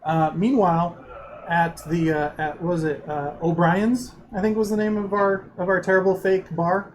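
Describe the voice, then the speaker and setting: A man running a tabletop role-playing game, talking in a rambling, halting way full of fillers. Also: sits high, level tone, a little hiss or hum. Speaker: game master.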